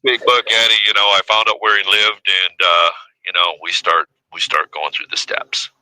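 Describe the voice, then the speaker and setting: A man's voice: on the low side, moderate pace, sharp tone, rough recording. A man in his fifties telling his story as a guest in a casual interview, rambling and heavy with fillers. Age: 50s. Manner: rambling, heavy with "you know" and "uh". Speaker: podcast guest.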